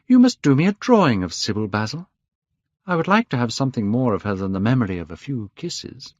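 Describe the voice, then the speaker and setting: A man's voice: mid-range voice, big pitch swings, fairly quick, darkish tone, no room sound. A man reading aloud, voicing a secretive, frightened young man who pleads in a raised, urgent voice. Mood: pleading. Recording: dull, dry lo-fi recording.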